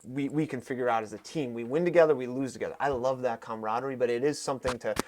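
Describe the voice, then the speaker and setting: A man in his thirties, a fight coach and podcast guest, telling stories in an animated, emphatic way with quick bursts of speech. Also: medium pitch, a little hiss or hum. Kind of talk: conversational storytelling.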